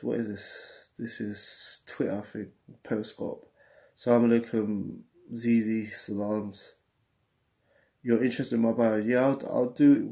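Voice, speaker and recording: A man from England with a London accent hosts a casual livestream, reading out viewer messages in street slang. His voice sits on the low side, dark in tone with vocal fry.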